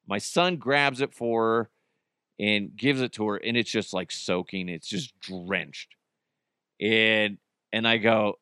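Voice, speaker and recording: A man's voice: medium pitch, clean tone, no room sound, clean studio sound. A man in his thirties with an American accent, hosting a casual podcast and telling stories with acted-out quotes. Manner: animated storytelling, acts out quotes. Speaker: podcast host. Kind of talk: casual solo podcast chat.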